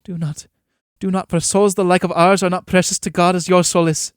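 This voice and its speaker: A man's voice: sits high, little pitch movement, brisk, clear, resonant tone, no room sound, studio quality, pitched above the performer's own voice, lightly acted. A man voicing frightened, desperate starving peasants in a raised, pleading and urgent voice.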